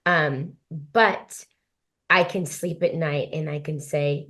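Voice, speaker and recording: Woman guest on a podcast, kinda low voice, talks slow and thoughtful, lots of ums. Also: steady tone, a bit bright. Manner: reflective, many um fillers, heartfelt. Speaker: guest, country singer. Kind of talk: interview podcast.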